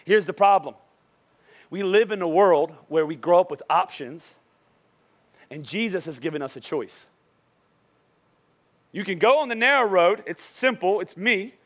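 High-voiced conversational male pastor. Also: normal speed, pauses often. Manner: conversational, energetic, asks the crowd "right?"; restarts and repeats words often. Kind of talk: sermon. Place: church auditorium.

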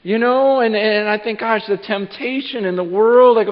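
High-voiced man preaching in a reverberant hall. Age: 30s. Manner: halting, repeats words, storytelling with lively acted-out asides. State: short on sleep. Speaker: pastor. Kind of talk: sermon. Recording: dull sound with long hall reverb.

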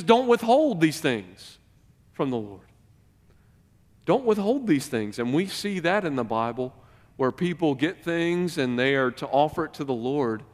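A pastor with a slightly high voice preaches a sermon in a big-sounding room. He speaks emphatically, his volume rising and falling, and puts questions to the congregation.

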